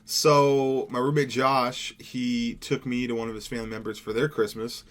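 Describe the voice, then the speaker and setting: A man's voice: medium pitch, flat delivery, normal speed. Laid-back young man rambling over gameplay. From Seattle, USA. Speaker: gaming YouTuber. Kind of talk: casual gameplay commentary.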